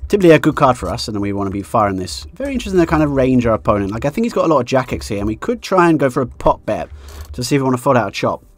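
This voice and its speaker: A man's voice: medium pitch, very animated, racing, few pauses. A man commentating a live poker stream, thinking aloud about hands and chatting with his viewers in a joking way.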